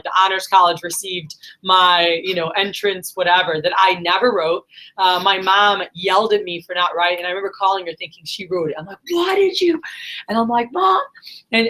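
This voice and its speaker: A woman's voice: on the low side, pushed and bright. A woman in her thirties telling a personal story in a casual, rambling monologue full of fillers. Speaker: vlogger.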